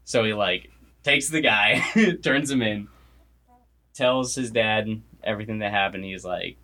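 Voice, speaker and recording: Low, bright-voiced young man rambling. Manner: rambling, laughs often, quick quoted asides. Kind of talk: casual chat retelling a made-up movie plot.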